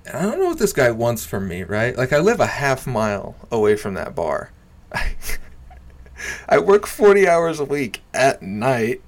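A young man casually telling a story, swearing freely, laughing often and dropping into low mutters. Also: wildly swooping pitch, unhurried.

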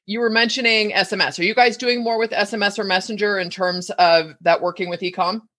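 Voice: mid-range voice, steady tone, fairly quick, sharp tone. A podcast host asking rambling, chatty questions and wrapping up an interview. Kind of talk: casual interview chat.

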